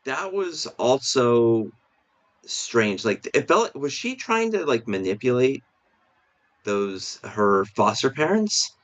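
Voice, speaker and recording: A man's voice: medium pitch, big pitch swings, takes it slowly. A man co-hosting a casual film review podcast, talking hesitantly with many restarts and fillers. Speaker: podcast co-host. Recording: dull lo-fi stream audio.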